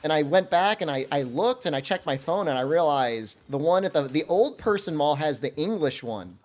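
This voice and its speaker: A man streaming a game, telling a funny story in a casual, animated way and laughing often. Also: fairly high pitch, normal speed.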